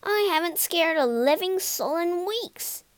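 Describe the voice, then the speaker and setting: A woman's voice: very high voice, lively intonation, unhurried, no echo, pitched above the performer's own voice. A woman voicing a boastful old male ghost nobleman in a storybook reading, with a dreamy, grand manner. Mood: bored, dreamy. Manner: dreamy, grandly self-important.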